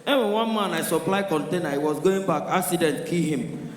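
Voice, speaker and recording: A male stand-up comedian with a Nigerian Pidgin accent, telling animated stories and slipping into character voices. His voice sits fairly high for a man. He is heard from far off, with a long hall echo. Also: a little fast. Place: large live comedy venue.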